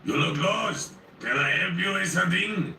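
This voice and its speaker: A towering, jovial man-eating giant booms out in a French accent, as a man puts him on for a horror story. The voice sits high and lively, heard from afar in a roomy space with faint noise underneath. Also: moderate pace, far from the mic. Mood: cheerful. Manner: booming, cheerful. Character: huge friendly cannibal giant, booming man.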